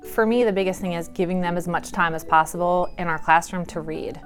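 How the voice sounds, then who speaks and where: A woman's voice: lowish voice, brisk. A woman teacher speaking in an interview in an earnest, level way. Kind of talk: interview talk. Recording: clear background music under the voice. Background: music.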